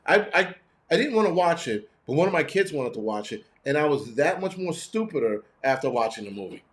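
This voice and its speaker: A man's voice: fairly high pitch, big pitch swings, fairly quick. A middle-aged man hosting a live stream, ranting with heavy profanity and sarcasm while answering chat. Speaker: host.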